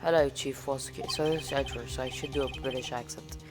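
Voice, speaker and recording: A woman's voice: very deep voice, fairly even intonation, fast talker. A woman voicing a haughty, threatening older male villain in a video game, speaking with cold condescension. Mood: smug. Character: smug, menacing rich older male villain. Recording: game music playing behind. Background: game music.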